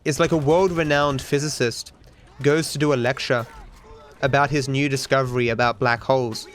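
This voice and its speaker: A man with a mid-range, steady voice talks at normal speed. He's an Australian in his twenties who streams and speedruns, chatting casually with viewers as he plays, rambling on and cursing freely.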